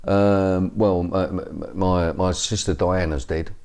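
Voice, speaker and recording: Speaking slowly in a low, smooth, darkish voice with a steady tone, a Cockney interviewee in his fifties tells the story of his life. He rambles, stumbling over fillers and starting sentences again.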